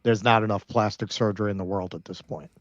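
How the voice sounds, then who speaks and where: Low-voiced sardonic man, muffled mic. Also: steady tone, quick pace, no echo. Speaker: podcast co-host. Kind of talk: casual political commentary.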